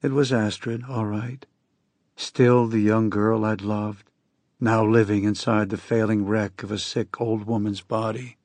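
A man narrating a novel in the first person with a slow, somber, measured reading. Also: fairly low pitch, level tone, a little mellow, no echo. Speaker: audiobook narrator.

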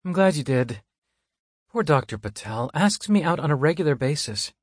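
A man voicing a young woman director, bright and lilting. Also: on the high side, expressive, moderate pace, dry recording, studio quality, voice pushed up. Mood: warm. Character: young woman hospital director, friendly, eager.

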